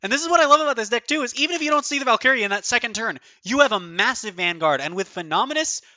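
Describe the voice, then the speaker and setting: A man streaming his own online card game tournament, thinking aloud, counting out numbers and swearing often, his voice going a bit hoarse. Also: extremely high pitch, animated, racing, sharp tone, dry recording. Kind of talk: excited live commentary of own play.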